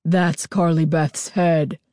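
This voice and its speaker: A menacing masked girl, as a woman reader puts her on speaks in a deep, throaty rasp. Her words come slowly and coldly, low in pitch and dark in tone. The sound is close and dry. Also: steady tone, no room sound. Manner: slow, growling and threatening.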